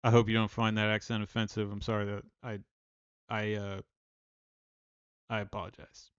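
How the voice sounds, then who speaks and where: A man's voice: on the low side, little pitch movement, moderate pace, clear, resonant tone, no room sound, highs cut off. A man from Maryland hosting a casual livestream, rambling, self-deprecating and restarting his sentences. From Maryland, USA. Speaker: livestream host and songwriter.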